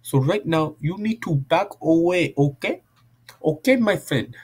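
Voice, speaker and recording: A man's voice: fairly high pitch, expressive, a little slow, darkish tone, husky, voice pushed up. A man voicing an exasperated, defensive man in a put-on Indian accent, who keeps repeating a friendly form of address.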